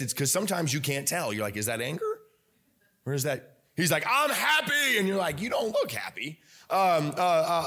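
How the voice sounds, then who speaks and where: A man preaching a sermon in a church, telling stories with lots of energy, fillers and repeated phrases. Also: high-pitched. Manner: energetic, animated storytelling with many fillers and repetition. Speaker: pastor. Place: church sanctuary.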